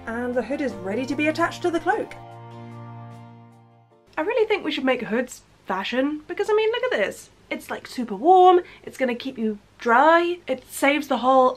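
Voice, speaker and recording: Brief: woman, bright higher voice, chatty craft vlogger, faint music under her. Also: big pitch swings, moderate pace. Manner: chatty, playful, self-mocking asides. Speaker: costume maker. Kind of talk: casual sewing vlog narration.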